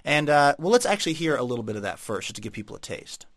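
A man's voice: a little high, very animated, very fast. A man hosting a radio show, chatting casually and wryly with a co-host and a guest. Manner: wry, joking.

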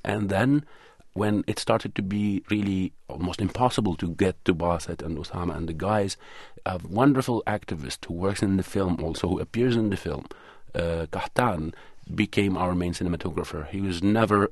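The interviewee, a documentary producer and cinematographer, has a low, slightly mellow voice at normal speed with few pauses. He answers earnestly and reflectively, often searching for words, in clean studio sound without echo.

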